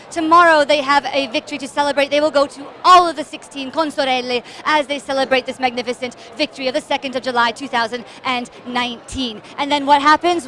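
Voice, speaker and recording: A woman giving live, chatty commentary outdoors at a street celebration, excited and out of breath as she walks along with the camera. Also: high-pitched, a little hiss or hum. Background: crowd and drums.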